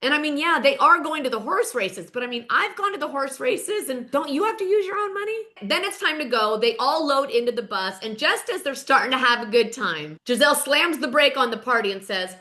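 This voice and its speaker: A woman with a bright, forceful, somewhat high voice recaps reality TV in casual, opinionated commentary. She talks in a chatty, gossipy way and is blunt with her judgments. Her delivery stays punchy from line to line. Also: animated, brisk, few pauses.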